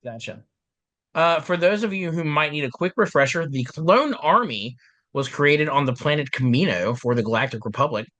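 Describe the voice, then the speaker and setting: A male podcast host chatting casually, joking and filling with "uh", his voice a little deeper and rough after being ill. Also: moderate pace, a bit bright, dry recording. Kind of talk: casual chat.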